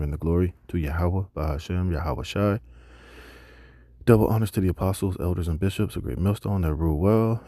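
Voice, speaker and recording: Guy preaching a bible lesson, real deep dark voice, dry close sound, emphatic and slangy. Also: no echo. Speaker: Bible teacher. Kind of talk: scripture reading and sermon.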